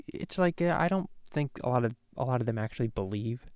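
A man's voice: mid-range voice, expressive, brisk, darkish tone, clear, resonant tone, no room sound, studio quality. A man hosting a comedy podcast, ranting and swearing in a rambling way with many restarts. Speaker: podcast host. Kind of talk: profane comedic rant. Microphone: podcast microphone.

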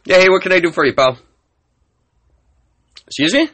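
A man playing a bewildered man who thinks it is still 1994, incredulous and questioning an unseen person, with a husky voice. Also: sits high, very animated, normal speed, a bit bright, pitched above the performer's own voice, exaggerated voice.

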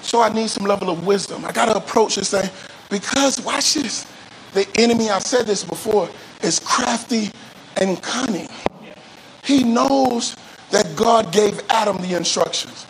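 A male pastor preaching a sermon with call-and-response, often rising into shouts and sung phrases. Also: sits high, moderate pace, vocal fry, a little hiss or hum, rough recording. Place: church service.

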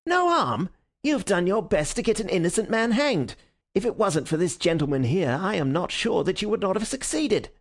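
A man reading a story aloud, voicing an indignant police inspector in a raised, higher voice. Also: sing-song, a little fast, vocal fry. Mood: angry. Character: angry blustering police inspector, middle-aged man.

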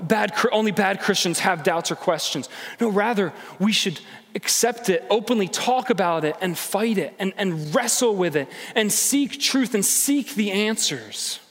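Lively high-voiced preacher in reverb. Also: male voice, a little slow. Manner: conversational, animated, acts out inner voices. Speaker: pastor. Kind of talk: sermon.

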